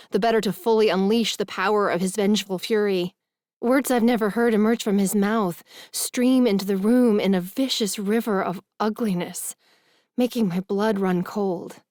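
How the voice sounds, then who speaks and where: Woman, romance audiobook narrator, expressive, mid pitch, dry close mic. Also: moderate pace, dry recording. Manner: expressive, emotional reading.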